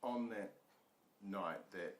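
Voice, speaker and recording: A man's voice: low voice, extremely slow. A male reporter asking questions in an interview at a family home, hesitant and stumbling over his words. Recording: roomy, off-mic, faint background noise.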